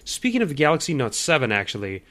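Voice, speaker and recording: A podcast co-host with a mid-pitched voice runs through listings in an upbeat announcer tone. Between items he chats casually. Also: huge pitch swings, fast, fairly bright tone.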